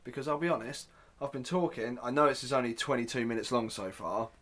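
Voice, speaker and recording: A man's voice: mid-range voice, quick pace, a bit bright. A man hosting a casual solo podcast, chatty and self-deprecating, with joking asides. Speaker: podcast host.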